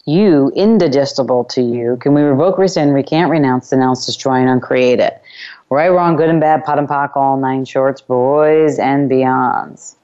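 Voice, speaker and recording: Woman hosting a self-help radio show, low mellow voice, emphatic, kinda muffled lo-fi sound. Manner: repeats chanted clearing phrases. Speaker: call-in radio show host. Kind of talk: self-help call-in talk.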